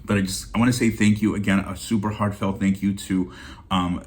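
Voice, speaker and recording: A man's voice: lowish voice, flat delivery, normal speed, slight background noise. A man hosting a bargain-haul channel, talking to viewers in a heartfelt, rambling way, teary-eyed and emotional. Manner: heartfelt and rambling, with many restarts. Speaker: deal-hunting channel host. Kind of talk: casual vlog chat.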